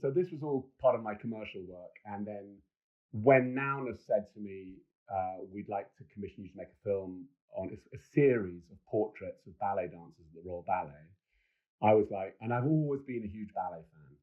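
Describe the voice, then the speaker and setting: A middle-aged man with a low voice, guesting on a podcast as a film director. He tells enthusiastic, rambling anecdotes and often restarts his sentences. The recording sounds dull and lo-fi. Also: moderate pace. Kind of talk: casual podcast storytelling.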